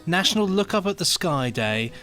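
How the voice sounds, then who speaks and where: A man co-hosting a podcast in casual chat, dropping dry deadpan quips. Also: sits high, normal speed. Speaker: podcast co-host.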